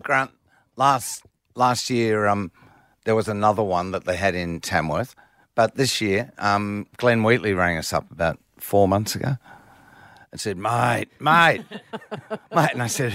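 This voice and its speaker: A man's voice: mid-range voice, fairly bright tone, dry recording. A man chatting easily as a guest musician in a radio studio. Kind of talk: radio interview.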